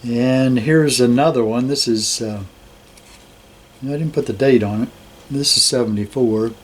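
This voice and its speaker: An older man showing his coin collection in a slow, relaxed, admiring way, with many fillers. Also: mid-range voice, slight background noise. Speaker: metal detecting hobbyist host. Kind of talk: casual show-and-tell of a coin collection.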